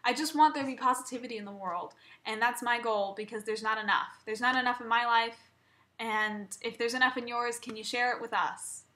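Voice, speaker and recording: A woman's voice: fairly high pitch, fairly even intonation, fairly quick, pushed and bright. A young woman vlogging an emotional personal rant, rambling and swearing, often stumbling and restarting.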